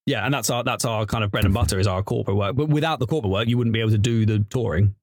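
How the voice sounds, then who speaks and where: A man's voice: fairly low pitch, rapid-fire, no echo, studio quality. A man talking casually as an improv comedian guest, chatty and rambling. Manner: chatty, rambling with restarts and laughs. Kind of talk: casual interview chat.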